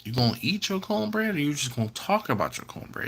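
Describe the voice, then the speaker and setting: Male stream host, bright voice, casual and teasing while reading chat aloud. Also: mid-range voice, sing-song, fast, creaky, hardly any pauses, slightly rough. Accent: Maryland. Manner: chatty, reads out viewer comments and teases them. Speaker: BBQ channel host. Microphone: computer or phone setup.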